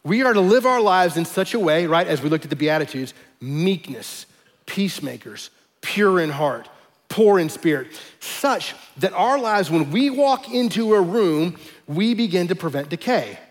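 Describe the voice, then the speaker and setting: A man with a fairly high voice preaches a sermon in a relaxed, conversational way. He slows down and leans hard on the words he wants to stress. His voice carries a long reverb, as if in a large hall. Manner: conversational teaching with emphatic slowed stresses. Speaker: pastor.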